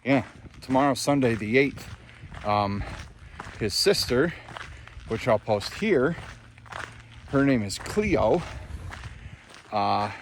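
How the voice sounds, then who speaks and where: A man's voice: medium pitch, slow pace, long pauses, a little hiss or hum. A man narrating a casual hiking vlog outdoors on a park trail, chatting to viewers as he walks. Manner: relaxed, chatty, talks to viewers while hiking. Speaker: hiking vlogger.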